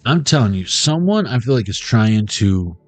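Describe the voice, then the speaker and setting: A man's voice: lowish voice, sing-song, moderate pace, dry recording, soft background music. A man hosting a casual tarot reading video, rambling and joking with casual swearing. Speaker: tarot reader. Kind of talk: casual intuitive reading vlog.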